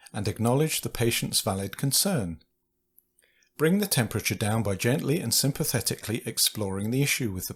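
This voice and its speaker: A man giving calm, measured instructional voice-over for a staff training video. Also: mid-range voice, breathy edge. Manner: calm, measured, reads out example phrases. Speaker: training narrator.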